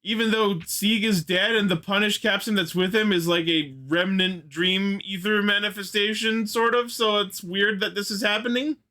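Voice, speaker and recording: Bright-voiced man recapping an episode. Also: sits high, fairly even intonation, moderate pace, hardly any pauses. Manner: enthusiastic, recaps plot in detail, swears casually. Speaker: podcast co-host. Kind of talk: casual fan discussion podcast.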